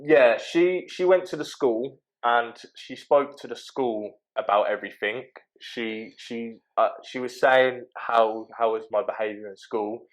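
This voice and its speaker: A young man, talking casually as a podcast guest, halting with many fillers and restarts. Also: mid-range voice, poor audio. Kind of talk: casual interview talk.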